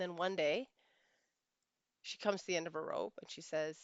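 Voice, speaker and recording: Female life coach, emphatic storyteller, slightly low voice, muffled sound. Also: normal speed, fairly bright tone, dry recording. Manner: emphatic, repeats phrases for weight. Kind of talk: storytelling monologue.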